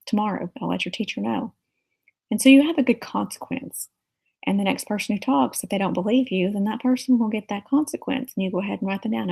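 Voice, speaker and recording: A woman's voice: mid-range voice, a little fast, gravelly, warm tone, low-quality recording. A woman teacher giving an earnest, practical lecture on managing a classroom, illustrated with stories from school.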